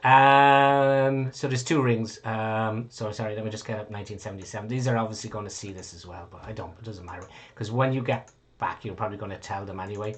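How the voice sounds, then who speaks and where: A man's voice: fairly low pitch, steady tone, brisk. A man running a tabletop game as game master, rambling and correcting himself with casual swearing.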